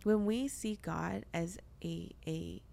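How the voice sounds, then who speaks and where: Low-voiced woman with vocal fry. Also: slow pace, darkish tone. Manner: chatty, earnest, full of filler words. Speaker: podcast host. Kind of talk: casual faith discussion.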